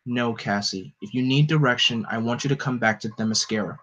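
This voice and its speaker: A man voicing a stern, calm female warrior princess who talks in a measured, quietly cutting way. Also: mid-range voice, a little hiss or hum, voice pushed down, natural voice. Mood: cool. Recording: dull lo-fi recording.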